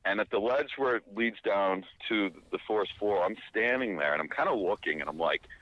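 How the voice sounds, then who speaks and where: A man telling a long casual anecdote, animated and rambling, full of fillers and restarts. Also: fairly low pitch, brisk, muffled recording. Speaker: storyteller.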